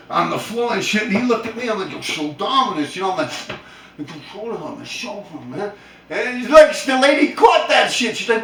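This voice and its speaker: A man's voice: fairly high pitch, bright, forceful tone, echoey room, recorded from a distance. A man telling a funny story in casual, profane street slang, laughing hard as he goes. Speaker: storyteller vlogger.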